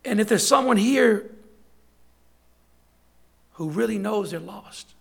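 A man's voice: sits high, animated, takes it slowly, gravelly, husky. A man serving as deacon, preaching a sermon in an emphatic, conversational way, with lots of repetition.

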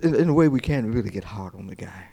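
A man preaching a sermon as pastor, jumping from slow, hushed quoted lines to high, lively preaching and often repeating his words. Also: creaky. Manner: repeats words and restarts phrases.

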